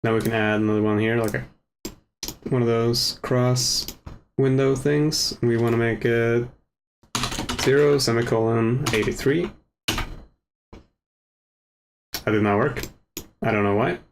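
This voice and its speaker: Man muttering through a casual software tutorial. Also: medium pitch, measured pace, long pauses, slight background noise. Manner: relaxed, self-mocking, mutters to himself while working. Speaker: tutorial host. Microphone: desk microphone with gain set too high. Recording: overdriven mic with faint keyboard clicks.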